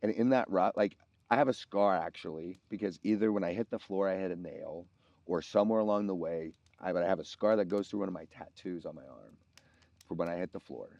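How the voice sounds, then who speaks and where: A man with a very low voice tells a personal story in casual podcast chat. He stops and restarts his sentences often as he recalls details. The recording is dry and a little muffled. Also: gravelly, a little mellow, no room sound. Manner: halting, restarts mid-sentence while recounting.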